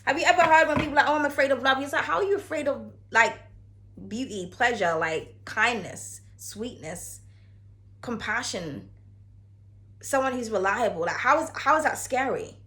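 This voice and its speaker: A woman with a sharp-toned, slightly high voice speaks at a moderate pace as she gives a casual tarot reading to camera. As a tarot card reader she is chatty and frank, cursing freely and calling the viewer darling.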